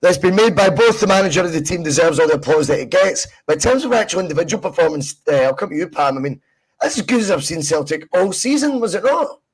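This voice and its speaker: A man hosts a fan podcast in loose, joking chat, poking fun at himself as he goes. His voice sits a little high for a man. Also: animated, fast talker, slightly rough, poor audio. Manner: jokey, self-mocking banter. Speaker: podcast host. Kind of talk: casual chat.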